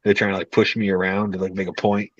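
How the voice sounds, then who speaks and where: A laid-back man chatting on a live stream, quick to laugh. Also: low voice, level tone, dry recording, highs cut off. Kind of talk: casual live-stream chat.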